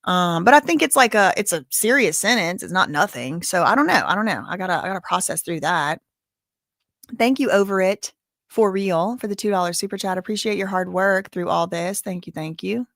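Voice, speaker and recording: A woman hosting a casual livestream, thanking viewers and talking in a halting, emotional way full of "like". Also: on the low side, animated, creaky, a bit bright, dry recording, studio quality. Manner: chatty, halting, heavy use of "like", openly emotional. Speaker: livestream host reading viewer donations.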